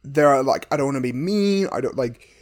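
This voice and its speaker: A man's voice: mid-range voice, animated, a little fast. A man co-hosting a casual podcast, hedging and restarting as he critiques a film. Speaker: podcast co-host. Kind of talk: casual film review chat.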